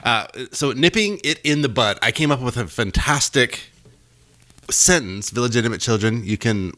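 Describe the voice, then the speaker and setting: A man's voice: medium pitch, lively intonation, normal speed, pushed and bright. A man co-hosting a podcast in casual chat, joking around with playful wordplay. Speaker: podcast co-host.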